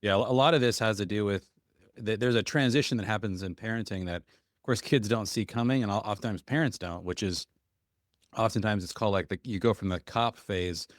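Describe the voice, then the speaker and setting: A man hosting a podcast, explaining his point quickly in casual interview chat. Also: on the low side, no echo, clean studio sound. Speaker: podcast host.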